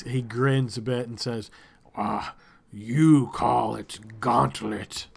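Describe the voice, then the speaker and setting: A man narrating a tabletop game as game master, relaxed and searching for words. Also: medium pitch.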